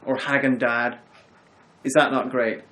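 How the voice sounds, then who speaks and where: A man hosting a film review chat, retelling the plot in a rambling, animated way. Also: mid-range voice, unhurried, poor audio. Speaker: host of a film review show. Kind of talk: casual chat about a film.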